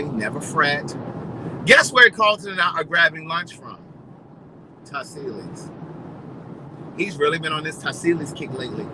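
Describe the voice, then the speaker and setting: A man chatting casually to his viewers, telling stories in a gossipy, animated way. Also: a little high, noisy background. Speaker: vlogger. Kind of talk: casual storytelling chat.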